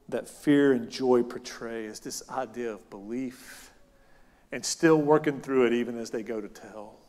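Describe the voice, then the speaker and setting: A man preaching a sermon as pastor, animated, moving between loud emphatic lines and soft, quiet ones. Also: medium pitch. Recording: long hall reverb.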